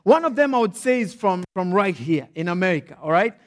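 A Kenyan man preaching an animated storytelling sermon who keeps checking in with his listeners. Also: high voice, brisk. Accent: Kenyan English. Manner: animated, checks in often with "all right?".

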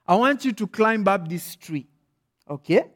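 A bold, emphatic Nigerian father, as a preacher puts him on, barking in a thick Pidgin accent. He is stern and scheming, with a high, forceful voice. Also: lively intonation, measured pace, exaggerated voice. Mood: booming, stern. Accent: put-on Nigerian Pidgin English. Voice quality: loud and stern.

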